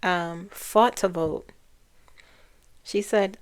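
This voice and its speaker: Slow-talking woman psychic rambling. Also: mid-range voice, clean tone. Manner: rambling, trailing off and restarting phrases. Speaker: psychic channeler. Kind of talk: casual spiritual monologue.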